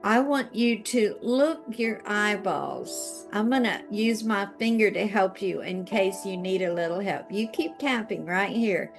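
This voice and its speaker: A woman leading a guided tapping session, giving calm instructions and repeating affirmations with soft music behind her. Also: medium pitch, vocal fry. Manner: slow, directive coaching with spoken affirmations.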